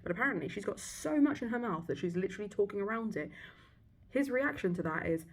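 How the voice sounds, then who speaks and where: A woman's voice: medium pitch, animated, fast, slight background noise. A young British woman in casual vlog chat, ranting and swearing sarcastically about a book. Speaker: book vlogger. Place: hotel abroad.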